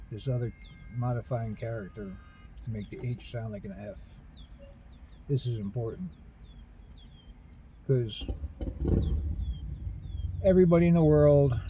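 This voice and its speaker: Guy rambling earnestly, stops and restarts a lot, really dark mellow voice, bit of noise behind. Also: medium pitch, poor audio. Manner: halting, many restarts and fillers, earnest. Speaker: spiritual video host. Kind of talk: rambling personal monologue.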